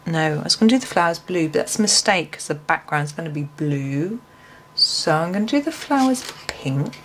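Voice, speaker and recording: A woman talks through a colouring tutorial, musing aloud and thinking over each choice as she goes. Her voice sits at an ordinary pitch with a gravelly, creaky edge. A faint noise floor hums under the recording. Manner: chatty, musing to herself, frequent ums.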